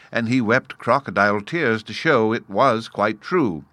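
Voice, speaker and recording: A man's voice: on the low side, dry recording. Man reading a storybook aloud. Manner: measured, expressive, addresses the listener.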